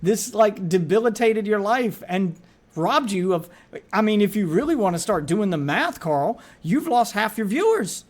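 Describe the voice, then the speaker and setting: A man's voice: high-pitched, animated, moderate pace. A man streaming a reaction to a video, talking casually and with exasperation, often repeating words as he gets heated.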